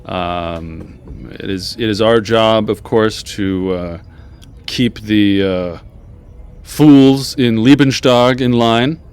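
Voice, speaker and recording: A man voicing a stern, battle-loving older male temple leader with a halting, clumsy go at a Scottish accent. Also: fairly low pitch, darkish tone. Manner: gruff, clipped, halting attempt at a Scottish accent. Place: backyard.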